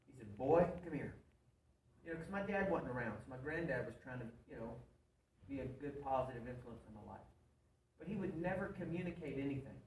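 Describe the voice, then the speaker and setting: A man's voice: mid-range voice, expressive, quick pace, a little hiss or hum. A man telling a personal story at a men's church meeting in a folksy, earnest way, repeating himself and putting questions to his listeners. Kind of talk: sermon-style storytelling. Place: church hall before an audience. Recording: roomy, distant live hall recording.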